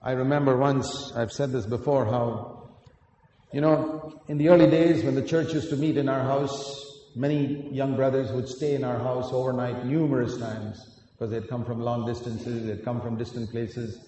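A man's voice: mid-range voice, fairly even intonation, moderate pace, dull audio. Preacher, man, in a echoing hall. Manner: earnest, storytelling, rising to emphatic peaks then dropping quiet. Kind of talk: sermon. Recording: echoey hall, picked up from a distance.

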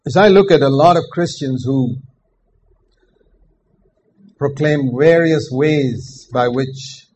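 An older man preaching a sermon in an earnest, measured way, repeating his key phrases for emphasis. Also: mid-range voice, darkish tone, a little hiss or hum, rough recording.

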